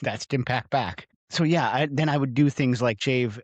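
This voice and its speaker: A man's voice: mid-range voice, normal speed, dry recording. A middle-aged Canadian man co-hosting a podcast, chatting in a playful, jokey way. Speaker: podcast co-host. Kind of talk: casual chat.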